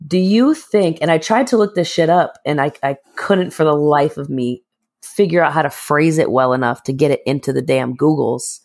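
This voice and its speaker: A woman co-hosting a podcast, swearing freely as she tells animated stories in casual chat. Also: sits low, normal speed, dry recording, studio quality. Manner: profane, animated storytelling. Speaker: podcast co-host.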